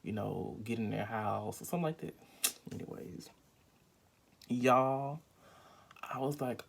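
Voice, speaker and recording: A man's voice: mid-range voice, a little slow, creaky, long pauses. A young man telling a rambling, emphatic storytime vlog at home, full of fillers and acted-out quotes. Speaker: vlogger.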